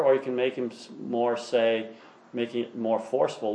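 A man's voice: mid-range voice, fairly even intonation, moderate pace, gravelly, darkish tone. A man teaching a class, reading passages aloud and explaining them with open enthusiasm. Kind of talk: classroom lecture on a text.

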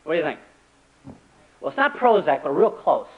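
A man preaching a sermon as a pastor, animated and acting out the voices he quotes. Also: fairly high pitch, normal speed, husky. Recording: dull lo-fi recording.

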